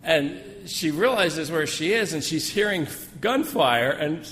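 At a gathering, a missionary with a slightly high, fairly bright voice preaches in an expressive, unhurried way, spinning folksy, joking personal stories packed with asides. The hall gives a long reverb over faint room noise.

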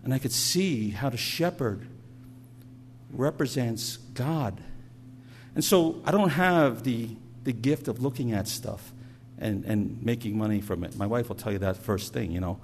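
A man's voice: medium pitch, expressive, measured pace, slight background noise. Conversational male preacher telling stories. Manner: storytelling, conversational, repeats words. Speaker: pastor. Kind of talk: sermon.

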